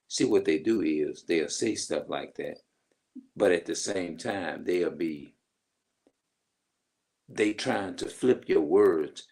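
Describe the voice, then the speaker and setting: A man's voice: deep voice, slow, vocal fry, pauses often, a little mellow. A middle-aged man in a rambling, emphatic casual monologue, swearing freely as he vents. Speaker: vlogger.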